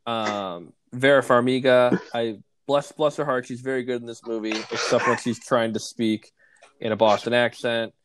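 A man co-hosting a casual movie podcast, relaxed and saying "like" constantly. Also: medium pitch, moderate pace, a little hiss or hum. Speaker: podcast co-host.

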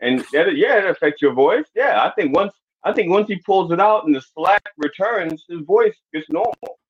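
Man, podcast co-host, joking banter, fairly high voice, dull lo-fi sound. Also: lively intonation, moderate pace. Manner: joking, rambling. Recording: dull lo-fi audio.

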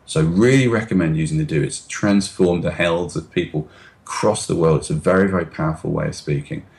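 A middle-aged man with a very low, deep voice speaks as a guest expert on a video call. He explains things patiently and demonstratively, deliberately slowing his speech to make a point. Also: creaky, a little mellow. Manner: demonstrative, acts out anxious voices and slows down on purpose. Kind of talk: explanatory interview talk.

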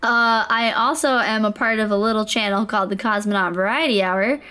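A woman's voice: medium pitch, sharp tone, smooth. A woman co-hosting a casual film podcast, trading sarcastic quips. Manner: sarcastic, quick quips, lots of fillers. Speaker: podcast co-host. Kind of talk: casual chat.

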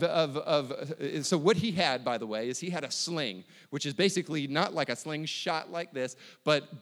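A man preaching a sermon with a slightly high voice, his words ringing in the long reverb of a church hall. He retells scripture in an easy, storytelling way and slips into casual voices for the characters. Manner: storytelling, acts out biblical dialogue casually. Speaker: pastor. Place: church sanctuary.

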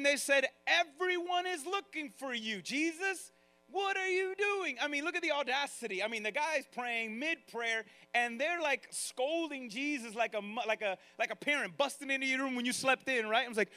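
High, bright-voiced preaching man. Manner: animated, acts out quoted voices, talks straight to the congregation. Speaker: pastor. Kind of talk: sermon.

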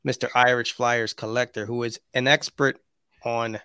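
A man's voice: mid-range voice, little pitch movement, moderate pace, pushed and bright, smooth, dry recording. A man hosting a casual live show over a video call, rambling and full of fillers. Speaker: podcast host.

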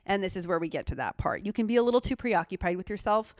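A woman's voice: mid-range voice, expressive, quick pace, a little mellow, dry recording, clean studio sound. A woman co-hosting a podcast, reading horoscope traits aloud with blunt, sarcastic, swearing asides. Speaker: podcast co-host.

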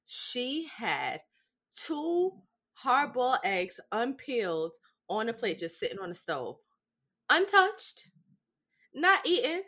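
A young adult woman co-hosting a podcast, telling stories in a lively, profane, casual way and often asking "right?". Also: on the high side, slow pace. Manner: animated, profane storytelling with lots of "right?". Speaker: podcast co-host. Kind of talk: casual chat.

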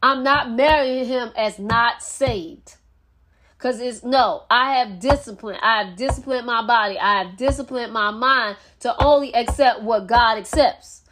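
A woman's voice: fairly high pitch, fairly bright tone. A woman hosting a faith podcast, teaching from scripture in an earnest, preachy way and repeating phrases for emphasis. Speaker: podcast host. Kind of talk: casual Bible teaching.

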